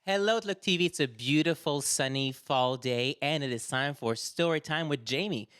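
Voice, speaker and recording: A man's voice: a little high, normal speed, fairly bright tone, smooth, no room sound. Upbeat male host, dry close sound. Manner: upbeat, enthusiastic. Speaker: show host and reporter. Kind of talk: on-air segment hosting.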